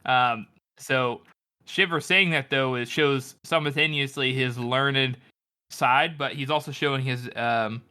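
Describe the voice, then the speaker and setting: A man's voice: medium pitch, fairly even intonation, a little slow, sharp tone, smooth. A man co-hosting a podcast, thoughtfully discussing a novel with many restarts. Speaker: podcast co-host. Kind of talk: casual book discussion.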